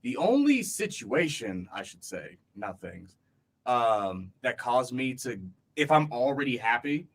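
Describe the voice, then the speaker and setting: A man's voice: medium pitch, sing-song, measured pace. Rambling podcast co-host man. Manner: rambling, lots of "like" and "bro", laughs easily. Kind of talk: casual chat.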